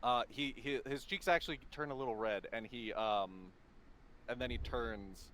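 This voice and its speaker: A man's voice: mid-range voice, moderate pace, a bit bright, slight background noise. A man narrating a tabletop game as game master, hesitant, with many fillers and restarts.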